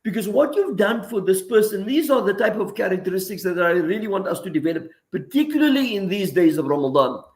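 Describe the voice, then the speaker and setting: A man's voice: high voice, lively intonation, brisk, hardly any pauses. A man speaking as the regular guest on a talk segment, earnest and a bit preacherly, working through everyday examples. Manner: earnest, preacherly, gives examples, uses Arabic phrases. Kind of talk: radio talk segment, reflective commentary.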